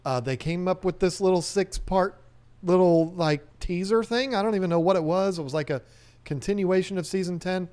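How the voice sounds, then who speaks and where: A man's voice: high voice, normal speed, darkish tone, smooth. A man hosting a live stream, chatting casually and joking as he reads viewer comments, rambling with restarts.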